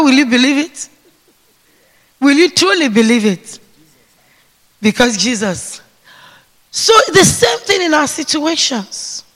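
A man preaching a sermon to a seated congregation, calling for responses and swinging between hushed whispers and shouts. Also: very high voice. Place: church hall with seated congregation. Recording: long reverb of a large hall.

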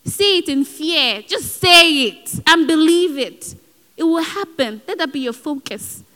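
A woman's voice: high voice, animated, a little slow, sharp tone. A woman preaching a sermon in an earnest, exhorting way, with personal asides. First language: not given. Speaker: speaker at a Christian gathering. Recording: hall with long reverb.

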